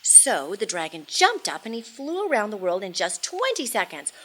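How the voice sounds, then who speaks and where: Animated woman storyteller. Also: medium pitch, moderate pace, hardly any pauses, a little hiss or hum, low-quality recording. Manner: expressive and animated, with dramatic hushes and shouts. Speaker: children's storyteller. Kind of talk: storytime reading for children.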